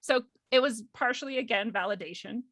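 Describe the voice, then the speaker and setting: A young woman guest telling a personal story in casual conversation, animated, laughing often and acting out quoted voices. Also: a little high, a little fast, no echo. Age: young adult.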